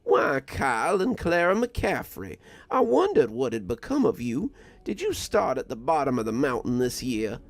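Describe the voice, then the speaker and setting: A man voicing a kindly old mountain grandfather who spins folksy, unhurried yarns. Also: medium pitch, very animated, creaky, dry recording, voice pushed up. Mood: warm. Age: older. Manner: folksy, unhurried yarn-spinning.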